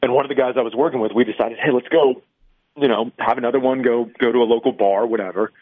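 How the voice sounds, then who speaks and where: A man's voice: medium pitch, fairly even intonation, quick pace. A man calling in as a radio show guest, chatting through a long anecdote and laughing along. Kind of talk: casual radio chat. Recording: tinny phone line.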